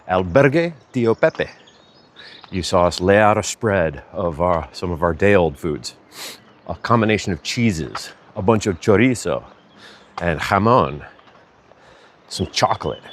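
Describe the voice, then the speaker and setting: Male vlogger, lowish voice, loose and chatty storyteller who self-corrects, with faint ambient noise behind. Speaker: vlogger walking a pilgrimage route. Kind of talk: casual storytelling to camera.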